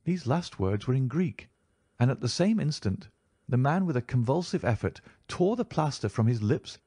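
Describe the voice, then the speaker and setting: A man narrating a classic detective story in a measured, even storytelling voice. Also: medium pitch, slightly rough, no echo, studio quality. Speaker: audiobook narrator.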